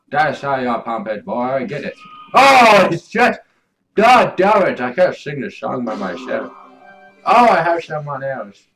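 A man doing video game commentary, yelling and cursing at the game as he plays. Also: medium pitch, very animated, measured pace, slight background noise. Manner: yells and curses at the game. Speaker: gameplay commentator.

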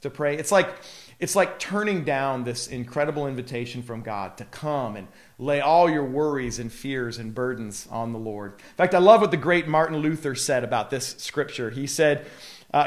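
A man's voice: medium pitch, expressive, normal speed. A male pastor giving a live devotional talk, earnest and emphatic, with casual fillers.

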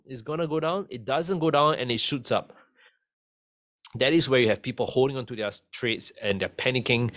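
Man, trading instructor, casual lesson, conversational, mid-range voice. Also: medium pitch. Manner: conversational, keeps asking "right?".

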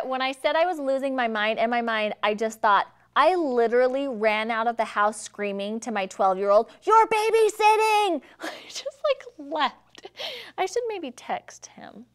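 A woman's voice: on the high side, moderate pace, clear, resonant tone. A woman hosting a casual live stream, chatty and self-deprecating, laughing often between lines. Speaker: live show host.

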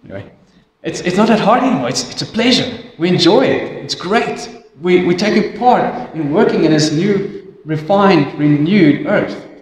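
A man with a South African accent preaching a sermon as pastor, slow and emphatic, often dropping to a quiet, intense hush. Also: high-pitched, expressive. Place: church. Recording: echoey church hall.

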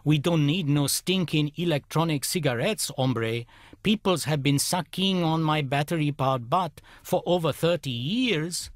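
A man's voice: a little high, unhurried, no room sound, clean studio sound, pitched above the performer's own voice, lightly acted. A man voicing an obnoxious male robot cigar with a Cuban accent, swaggering and mocking. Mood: brash.

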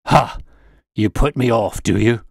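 Man doing a bullying old brute, loud, blustering, low and gruff, dry sound. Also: takes it slowly, no room sound, exaggerated voice. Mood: menacing. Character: fierce, bullying old man, huge and menacing.

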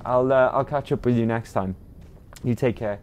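A man's voice: medium pitch, normal speed, a little mellow, a little hiss or hum. A man with a British accent, chatting casually to viewers while livestreaming a game, rambling with lots of ums and uhs. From Britain. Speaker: game streamer.

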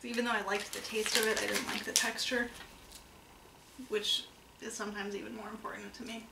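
A woman's voice: mid-range voice, level tone, brisk, gravelly. A woman co-hosting a casual taste-test chat, making short, dry remarks. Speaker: co-host. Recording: roomy room, mic a bit far, faint noise.

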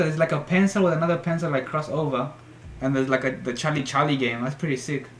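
Playing a horror game for his YouTube channel, a young man swears, jumps, and shrieks whenever something startles him. He talks quickly in a fairly high, fairly bright voice with fairly even intonation, and his home room sounds echoey with faint background noise.

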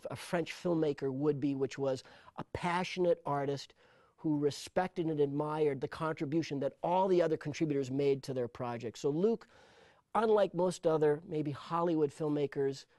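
Animated middle-aged man, dry sound. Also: on the high side, no echo. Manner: animated storyteller, repeats words when starting thoughts. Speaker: sound designer. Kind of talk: interview conversation.

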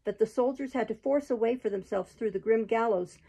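A woman reading a chapter book aloud in a steady, expressive narrating voice. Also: a little high, a little fast, breathy edge, dull audio. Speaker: storybook reader.

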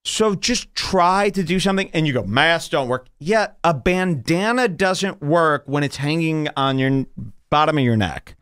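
A man's voice: a little high, normal speed, a bit bright, clear, resonant tone, dry recording, studio quality. A man hosting a podcast, telling a rambling story in casual chat and swearing freely. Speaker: podcast host.

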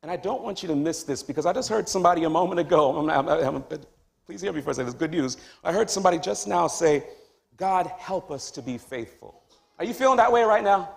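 Gravelly high-voiced pastor preaching. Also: male voice, animated, fast. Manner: swings from hushed to loud, high-pitched exclamations. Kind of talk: sermon. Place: church sanctuary.

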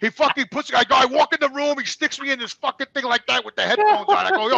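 A man telling animated, profane stories as a guest in casual conversation. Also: extremely high pitch, quick pace, gravelly, few pauses, no room sound. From New York. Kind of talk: casual storytelling.

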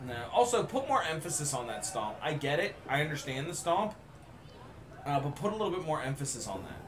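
A man's voice: on the high side, very animated, brisk, roomy sound, distant mic, noisy background. A man co-hosting a casual chat, joking and riffing with mock outrage over a wrestling match. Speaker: podcast co-host.

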